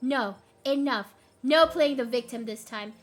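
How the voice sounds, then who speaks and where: A woman's voice: sits high, unhurried, soft background music. A woman voicing a teenage girl in a game who speaks out heatedly and with resentment against her friend. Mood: resentful. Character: fed-up teen girl finally speaking out.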